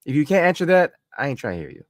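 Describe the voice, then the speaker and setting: A man's voice: fairly high pitch, sing-song, racing, no echo, clean studio sound. A man co-hosting a podcast, ranting heatedly and profanely in casual chat. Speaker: podcast co-host.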